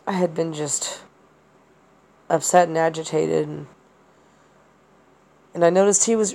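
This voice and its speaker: Woman podcast host, slightly low voice, rambling and hesitant delivery full of fillers. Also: mellow. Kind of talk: personal monologue.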